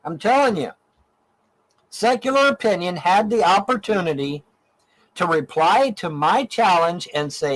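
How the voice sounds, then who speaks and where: A man's voice: sits high, animated, a little slow, a bit bright, rough recording. A middle-aged man from Ohio ranting angrily in a profane, repetitive stream monologue. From Ohio, USA. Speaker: online show host in archived clip.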